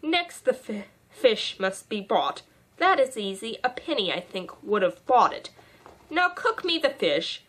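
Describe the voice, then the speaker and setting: A woman voicing a gentle, dreamy queen in an audiobook reading, speaking slowly in a cooing, wavering way. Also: on the high side, very animated, full character voice. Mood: sing-song.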